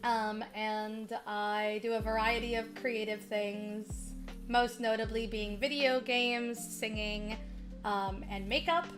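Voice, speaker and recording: A woman's voice: a little high, fairly even intonation, slow, over music. A woman streamer from Chicago with a Midwestern accent, chatting casually and bubbly with viewers while playing at home. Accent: Midwestern American (Chicago). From Chicago, USA. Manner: bubbly, chatty, talks straight to viewers, easily sidetracked. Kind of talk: casual livestream chat while gaming.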